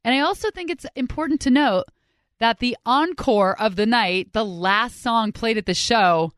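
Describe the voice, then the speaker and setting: A woman hosting a podcast, telling stories in an upbeat, chatty, animated way. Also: fairly high pitch, moderate pace, dry recording, studio quality. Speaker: podcast host. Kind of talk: casual storytelling narration.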